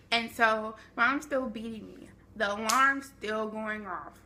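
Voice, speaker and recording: A young woman vlogging a storytime, animated and chatty with dramatic asides, speaking to a camera at home. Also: a little high, slow pace, slight background noise. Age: young adult. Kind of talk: storytime vlog.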